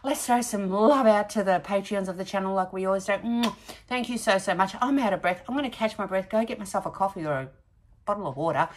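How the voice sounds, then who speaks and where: A woman's voice: fairly high pitch, a bit bright. A chatty Australian woman vlogging from home about her craft project, bubbly and a little out of breath. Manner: chatty, bubbly, talks to her pet between remarks. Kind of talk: casual chat to camera.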